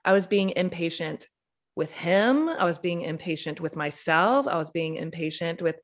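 A woman's voice: on the low side, lively intonation, moderate pace. A young woman, a podcast guest, telling a personal story in a chatty way, saying "like" often. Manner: chatty, heavy use of "like".

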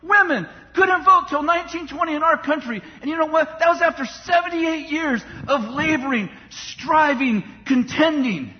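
A man's voice: very high-pitched, normal speed, few pauses. A man preaching a sermon with passion, often mocking the voices of complainers. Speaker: pastor. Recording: dull sound in a long-reverb hall.

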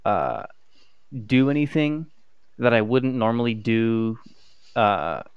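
A young man, a student, chatting casually in a halting, hesitant way, with many restarts and fillers. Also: mid-range voice, big pitch swings, clear, resonant tone, no room sound, dull audio. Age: young adult. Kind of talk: casual chat.

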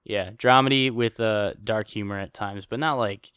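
A man's voice: on the low side, moderate pace, a bit bright, clean tone, no echo, studio quality. A young man co-hosting a podcast, chatting casually in a rambling, jokey way and laughing often. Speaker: podcast co-host. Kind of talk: casual chat.

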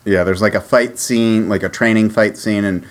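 A man's voice: on the low side, fairly even intonation, moderate pace, a little hiss or hum. A man co-hosting a casual chat, loosely retelling scenes and dropping quoted asides. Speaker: podcast co-host.

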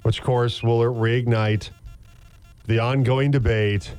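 A man's voice: medium pitch, steady tone, slow pace, darkish tone, clear, resonant tone, faint music behind. A man with an American accent co-hosting a morning radio show, telling stories in a joking, rambling way with lots of restarts. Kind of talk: casual chat.

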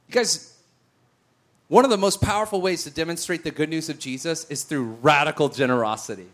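A male preacher telling stories in a sermon, acting out the voices of the people in them. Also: a little high. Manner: animated, acts out voices in his stories. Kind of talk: sermon with storytelling.

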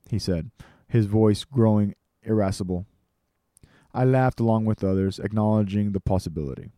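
A man reading a personal story aloud, measured and with dramatic pauses. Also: fairly low pitch, dark tone, no room sound, studio quality.

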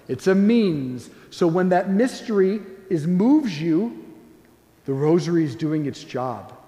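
Guy giving a soft chatty talk on prayer, high-ish mellow voice, big echoey hall. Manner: gentle, playful, acts out quoted prayers. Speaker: Catholic speaker on prayer. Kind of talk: conversational spiritual talk. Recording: echoey hall with long reverb.

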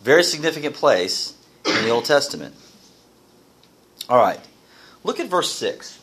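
A man leads a Bible study for a small class, reading scripture aloud and firing questions at the group. His pitch swings widely as he explains and asks. He sounds mid-range in pitch, neither high nor low. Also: very animated, unhurried, a bit bright, poor audio.

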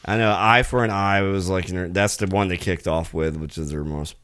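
A middle-aged man with a lowish voice, chatting on a podcast with his co-host. He speaks in a relaxed, halting way, full of fillers and restarts. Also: clear, resonant tone. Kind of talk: casual chat.

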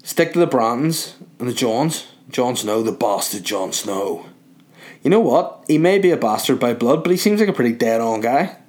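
A man's voice: medium pitch, animated, normal speed, darkish tone. A young man from Northern Ireland with a Northern Irish accent, rambling through a crude comic monologue while relaxing in bed. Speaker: vlogger.

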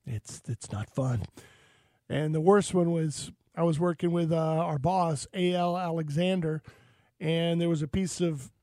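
High-voiced man telling rambling stories. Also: unhurried, dark tone, no echo. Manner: rambling anecdotes with frequent fillers. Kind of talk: casual storytelling chat.

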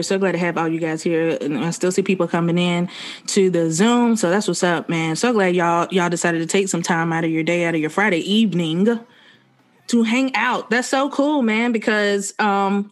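A woman co-hosts a podcast with a slightly low voice. She chats in an animated, joking way with the people listening. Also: normal speed. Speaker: podcast co-host. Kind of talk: casual chat.

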